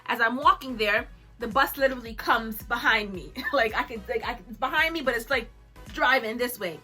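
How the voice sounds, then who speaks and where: Young woman vlogger, high and bright, dramatic storyteller who laughs a lot. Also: normal speed, soft background music. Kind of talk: storytime chat.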